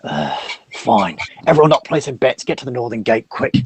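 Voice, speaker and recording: A man doing a booming, barking orc captain. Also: big pitch swings, moderate pace, breathy edge, dry recording. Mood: impatient. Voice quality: booming, commanding. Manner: barks orders. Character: shouting male orc captain, commanding and impatient.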